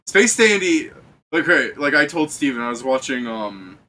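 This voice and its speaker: A man's voice: mid-range voice, fairly quick, bright, forceful tone, slight background noise, low-quality recording. A man running a tabletop game stream, chatting in a rambling way and laughing often as he loses his train of thought. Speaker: game master. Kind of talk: casual chat during a tabletop game stream.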